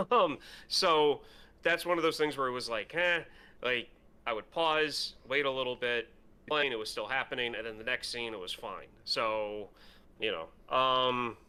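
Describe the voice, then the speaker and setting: A man's voice: medium pitch, measured pace, sharp tone, clean tone. A man co-hosting a movie podcast, rambling casually with lots of fillers. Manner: rambling, filler-heavy, laughs easily. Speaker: podcast co-host. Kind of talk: casual movie review chat.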